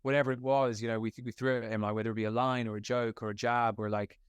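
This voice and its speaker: A young man from Scotland, an actor, telling set stories in a casual interview, animated and slangy, full of filler likes. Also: mid-range voice, fast, smooth, no echo. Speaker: actor guest.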